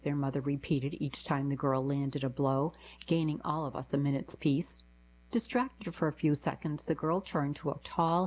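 Low-voiced woman reading stories aloud. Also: a little mellow, breathy edge, poor audio. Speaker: narrator reading diary letters. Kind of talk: scripted narration.

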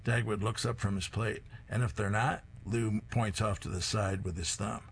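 A man's voice: fairly low pitch, steady tone, moderate pace, gravelly, slight background noise. A man hosting a radio reading service, reading comic strips aloud and chuckling after each punchline.

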